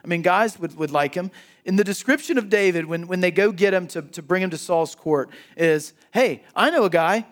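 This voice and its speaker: Higher-voiced preacher man. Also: moderate pace. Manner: conversational, restarts and repeats words, emphatic. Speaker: pastor. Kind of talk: sermon. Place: church.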